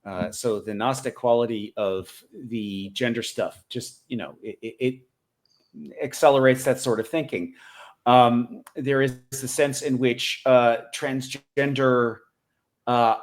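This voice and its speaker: Hesitant man explaining as a guest. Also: mid-range voice. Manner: hesitant, lecturing, full of fillers. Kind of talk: interview answer.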